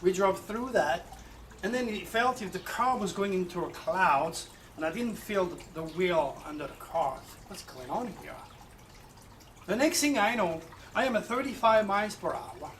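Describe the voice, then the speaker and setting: A man telling a personal story in an animated way, with halting restarts. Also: high-pitched, recorded from a distance, a little hiss or hum, poor audio. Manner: animated, acts out quoted voices, halting restarts. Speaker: astrologer telling his own story.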